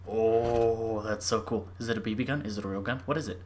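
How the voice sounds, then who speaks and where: A young adult gaming YouTuber giving excitable let's-play commentary, gushing and swinging from squeals to murmurs. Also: mid-range voice, moderate pace, hardly any pauses, slight background noise.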